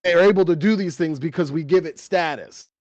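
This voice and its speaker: A man talking on a podcast in a halting, serious way. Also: a little high, darkish tone, no room sound, lo-fi sound. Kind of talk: casual chat.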